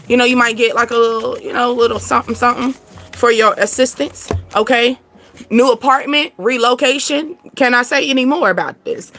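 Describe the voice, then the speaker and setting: A woman's voice: fairly high pitch, brisk, a bit bright, a little hiss or hum. A woman, giving a casual spiritual tarot card reading in a chatty, repetitive way with frequent laughs.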